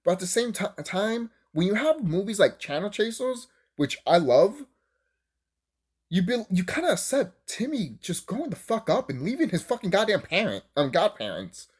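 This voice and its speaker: Male cartoon reviewer, very lively pitch, profane and giggly, rambling casual rant. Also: normal speed, slightly rough. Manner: animated, profane, laughs often; rambling, restarts mid-thought.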